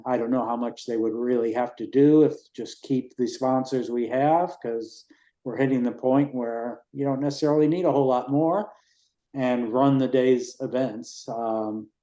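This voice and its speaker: A man in his sixties giving a rambling, relaxed report on the race he organizes at a town committee meeting. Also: medium pitch, roomy sound. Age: 60s. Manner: rambling, relaxed, with fillers and restarts.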